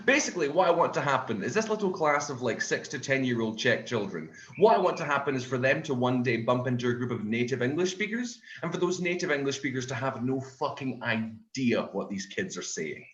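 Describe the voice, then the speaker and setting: A Scottish man performing a stand-up comedy set, repeating his punchlines and jumping into high voices for the people he quotes. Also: lively intonation, brisk, hardly any pauses, a bit bright, roomy sound, muffled recording. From Scotland.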